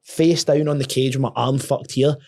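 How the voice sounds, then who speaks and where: A young man, a podcast guest telling a story in casual talk, sweary and animated, often restarting his words. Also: medium pitch, normal speed.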